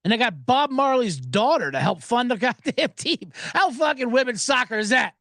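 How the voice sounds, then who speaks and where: A man's voice: very high voice, sing-song, moderate pace, pushed and bright, no echo, studio quality. A man hosting a sports betting show, talking in a loose, joking, profane ramble full of asides. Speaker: sports betting podcast host. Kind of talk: casual rambling commentary.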